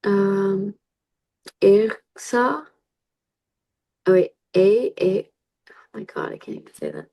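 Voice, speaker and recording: Woman, mid-pitched student, very slow and halting, sounding out each word with restarts. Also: lo-fi sound. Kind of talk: reading vocabulary aloud in a lesson.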